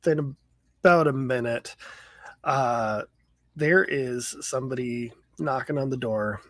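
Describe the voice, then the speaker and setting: A man narrating a tabletop role-playing game as game master, in a slow, relaxed way. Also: mid-range voice, no room sound.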